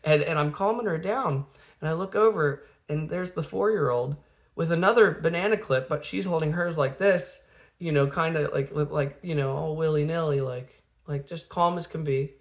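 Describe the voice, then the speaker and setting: A man's voice: on the high side, moderate pace. A man in his thirties, a father telling a family story in a casual, rambling way, full of fillers and restarts, acting out the quotes.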